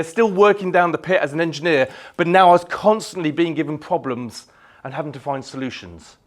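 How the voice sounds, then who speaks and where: Man, motivational speaker, slightly high voice, energetic, playful, live talk. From Yorkshire, England. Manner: energetic, playful, leads crowd chants. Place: indoor event hall, live audience.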